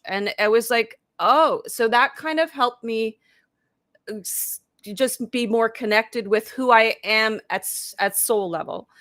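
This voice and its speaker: A woman's voice: fairly high pitch, takes it slowly, a bit bright, no echo, studio quality. A woman in her fifties, a life coach, telling her story in a casual live interview over a video call, talking chattily with lots of "like" and acting out her own past thoughts. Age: 50s.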